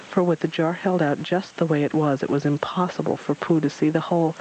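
A narrator reading a children's storybook aloud in a steady, gentle way, with small slips. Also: mid-range voice, slight background noise, low-quality recording.

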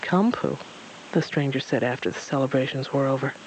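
A man reading a storybook aloud in a gentle, even voice. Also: mid-range voice, fast talker, a little hiss or hum, poor audio.

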